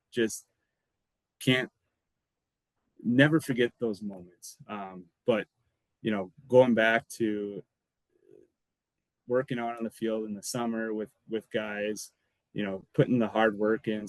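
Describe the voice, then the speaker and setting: A man's voice: lowish voice, no room sound, low-quality recording. A man, a former college football lineman, casually telling rambling stories as a podcast guest and laughing between anecdotes. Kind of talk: casual storytelling.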